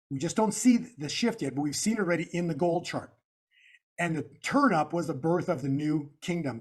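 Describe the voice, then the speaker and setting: Speaking in a somewhat high, slightly rough voice, the interviewed analyst explains each slide in turn. He punches certain words and circles back to familiar phrases, much like a preacher would.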